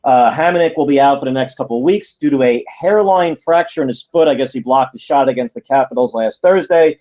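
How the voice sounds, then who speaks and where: A man's voice: mid-range voice, fairly quick, a little mellow, highs cut off. A man co-hosting a casual sports podcast, talking at length with many fillers and frequent laughs. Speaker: podcast co-host.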